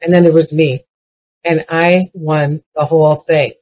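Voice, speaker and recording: A woman's voice: low-pitched, measured pace, muffled recording. An older woman giving a keynote talk, telling humorous personal stories that build to punchlines. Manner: lively, punchline-driven anecdotes with frequent restarts. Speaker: keynote speaker. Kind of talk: comedic storytelling keynote.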